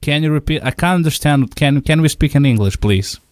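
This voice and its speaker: A radio prankster, a man making a prank phone call with playful, drawn-out flirty teasing. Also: fairly high pitch, a little mellow, dry recording, studio quality. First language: Lithuanian.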